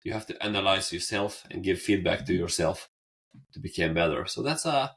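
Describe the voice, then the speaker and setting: A low-pitched man co-hosting a podcast in a relaxed, casual chat. He gives earnest, motivational advice in non-native English, and his phrasing is a little unusual but sincere. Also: normal speed. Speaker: podcast co-host.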